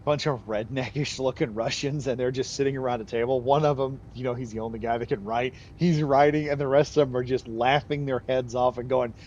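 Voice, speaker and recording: A man's voice: medium pitch, fairly even intonation, a little fast, few pauses, darkish tone, slight background noise. A man streaming a game, chatting casually and rambling off on tangents with frequent laughs. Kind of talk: casual live gameplay commentary.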